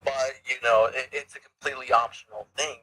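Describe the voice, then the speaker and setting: Bright-voiced stammering podcast host. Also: male voice, mid-range voice, fairly even intonation, fairly quick, low-quality recording. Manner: rambling, stammering restarts and frequent swearing. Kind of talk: casual chat.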